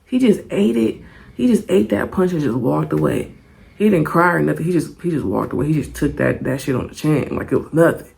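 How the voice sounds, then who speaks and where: Animated, gravelly young woman storyteller. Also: sits low, brisk. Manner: animated, profane, laughing often. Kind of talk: casual storytime vlog.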